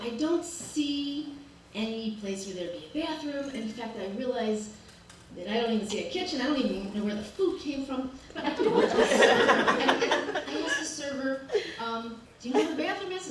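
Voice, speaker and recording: Wry woman storyteller in an echoey hall. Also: on the high side. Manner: wry, self-mocking, lively quoted asides. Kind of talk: live storytelling to an audience. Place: art gallery event space. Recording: very echoey room, distant mic, noise.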